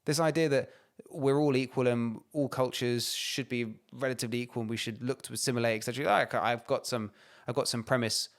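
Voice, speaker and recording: A man co-hosting a podcast, talking fast and hammering his points home with swearing. His voice sits at an ordinary pitch and he rattles through his rant with heated emphasis. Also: fairly even intonation. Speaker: podcast co-host. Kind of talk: heated casual chat.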